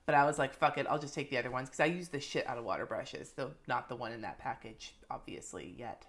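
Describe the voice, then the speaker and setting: Fast-talking and bass-voiced, this woman in her thirties is a planner and lettering vlogger sharing her monthly favorites. She holds up planner supplies for the camera, chatting away and cursing without restraint.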